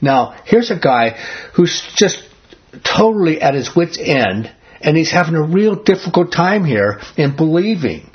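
Male Bible study leader, husky and earnest, quizzes the group; muffled lo-fi recording. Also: on the high side, sing-song, a little slow. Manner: earnest, asks the group questions. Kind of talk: conversational Bible teaching. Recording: dull lo-fi recording.

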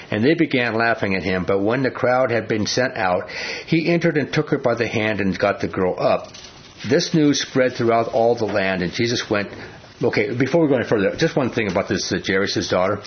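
A man leading an informal Bible study, talking conversationally and often asking the class questions. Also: on the low side. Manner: conversational, asks the class questions, many fillers. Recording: dull lo-fi recording.

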